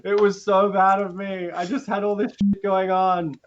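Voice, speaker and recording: A man's voice: high-pitched, flat delivery, normal speed, dull audio, pitched above the performer's own voice, lightly acted. A man voicing a remorseful male mentor who bawls like a kid while apologizing, in a tabletop game. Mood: tearful, apologetic. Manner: bawling, whiny.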